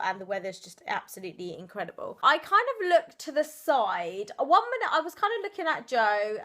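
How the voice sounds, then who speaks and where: A woman's voice: medium pitch, sharp tone. A young woman, chatting through a storytime vlog, giggly and full of fillers. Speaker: vlogger. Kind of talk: casual storytime chat.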